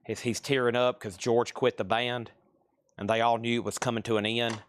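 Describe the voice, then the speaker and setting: A man's voice: mid-range voice, little pitch movement, moderate pace. A man hosting a live record and cassette sale, chatting casually as he names items and prices. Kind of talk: casual live-stream selling.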